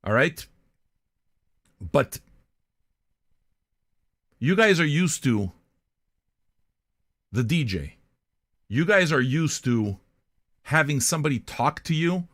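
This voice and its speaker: A man's voice: on the high side, lively intonation, takes it slowly, pauses often, a bit bright. An older man from Canada, hosting a music reaction show in a blunt, profane, rambling monologue.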